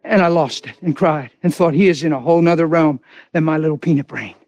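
A man preaching a sermon with great passion, swinging from loud outbursts to hushed, low lines. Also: fast talker, dry recording.

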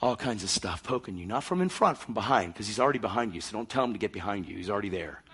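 A male preacher delivering a fervent sermon, acting out scenes and swinging between shouting and near-whispers. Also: lowish voice, expressive, fast, slight background noise.

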